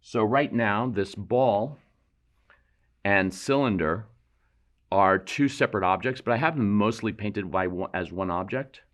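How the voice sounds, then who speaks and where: Painting instructor, man, deep voice, relaxed explanatory studio demo. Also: a little slow. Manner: relaxed, explanatory, thinks aloud while painting, self-deprecating asides. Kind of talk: painting demonstration.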